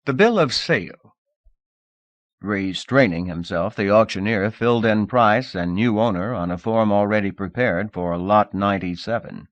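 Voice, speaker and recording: A man reading a novel aloud as an audiobook narrator, in a measured, expressive style. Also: fairly low pitch, no echo, muffled recording. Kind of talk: scripted narration.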